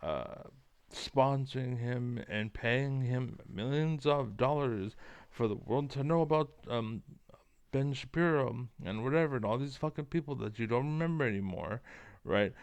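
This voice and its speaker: A man rants straight to camera, combative and profane, looping back on himself with lots of fillers. His voice is smooth and clear at a middling pitch. The sound is close and dry, with no room echo. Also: unhurried. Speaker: online commentator. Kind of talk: ranting monologue to camera.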